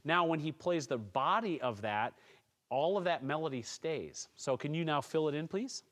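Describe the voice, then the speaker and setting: Calm man teaching snare technique. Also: on the high side, normal speed, slight background noise. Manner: calm, encouraging, explanatory. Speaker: music teacher. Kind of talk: instructional tutorial.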